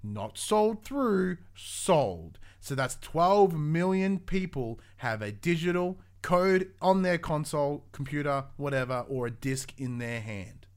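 Young man, slightly higher voice, excitable gaming co-host who swears freely and stumbles through restarts. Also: slow pace, few pauses, smooth. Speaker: podcast co-host. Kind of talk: casual gaming news chat.

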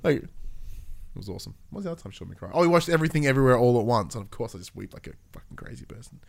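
A man hosts a casual gaming chat. His pitch sits mid-range for a man. He talks in an animated, loose way, full of swearing and quick asides. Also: gravelly. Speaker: gaming podcast host.

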